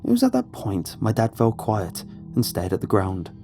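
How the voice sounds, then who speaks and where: A man narrating a horror story in a measured, suspenseful way. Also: fairly low pitch, wildly swooping pitch, mellow. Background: faint music.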